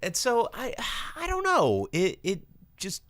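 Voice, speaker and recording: A man co-hosting a live show, reviewing a film in casual, rambling chat full of fillers, slipping into quick voices for the characters. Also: high voice, huge pitch swings, a bit bright. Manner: rambling, filler-heavy, acts out characters' lines. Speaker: podcast co-host, film reviewer.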